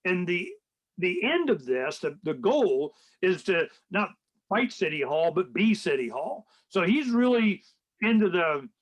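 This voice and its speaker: Rambling older man, high-pitched. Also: unhurried, low-quality recording. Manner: rambling, animated, acts out quoted people in a raised voice. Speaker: radio show host. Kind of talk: casual political chat.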